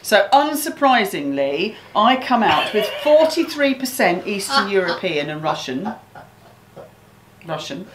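A woman's voice: mid-range voice, big pitch swings, a little slow, echoey room, noisy background. A woman hosting a home cookery video in her kitchen, chatty and playful, teasing herself and her partner. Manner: chatty, playful, self-mocking. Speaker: cookery host. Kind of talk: casual cooking show chat.

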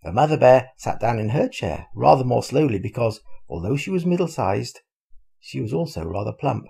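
Gravelly grandad reading a bedtime story. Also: male voice, medium pitch, moderate pace. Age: older. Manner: lively, expressive reading.

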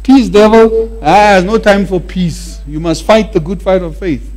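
A man preaching a sermon with animated emphasis, often repeating words to drive a point home. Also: sits high, normal speed.

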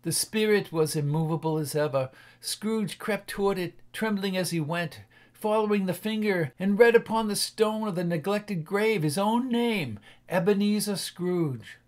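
A man narrates a classic tale in a measured, expressive way. His voice sits fairly high and often drops to a hush for dark moments. It is a careful dramatic audiobook reading.

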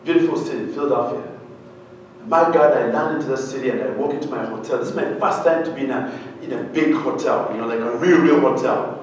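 A man from Uganda telling a humorous, animated story to an audience, often asking them questions. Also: mid-range voice, quick pace, slight background noise. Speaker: speaker. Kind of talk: storytelling keynote talk. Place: large hall with an audience. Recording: very echoey hall, heard from a distance.

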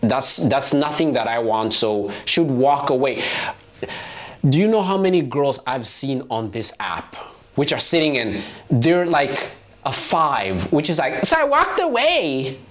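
A man hosting a reaction video, commenting on a clip in a casual, animated rant. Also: mid-range voice, measured pace. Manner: animated, ranting.

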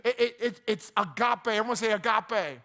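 Chatty high-voiced man preaching. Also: normal speed, sharp tone. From New Jersey. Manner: conversational and joking, with repeated restarts. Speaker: pastor. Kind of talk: sermon.

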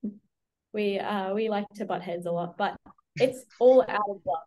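A woman's voice: mid-range voice, normal speed, mellow, slight background noise. A young woman with an Australian accent, a college basketball player answering interview questions in an easygoing, chatty, teasing way over a video call. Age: young adult.

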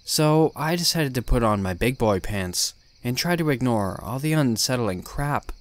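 A man's voice: mid-range voice, animated, normal speed. Blunt man narrating a horror story. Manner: blunt, swearing, tough-guy first-person telling.

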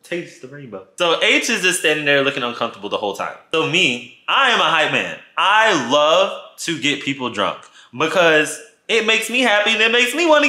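A man's voice: a little high, huge pitch swings, moderate pace, hardly any pauses, sharp tone. A man telling a casual storytime to his channel, playful and dramatic, acting out the people he quotes, in an echoey room. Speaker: vlogger.

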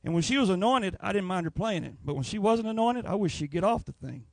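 Male preacher, high-pitched and lively, folksy storyteller, dry close sound. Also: fast talker, gravelly, no echo. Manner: animated, folksy storytelling with acted voices. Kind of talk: Pentecostal revival sermon.

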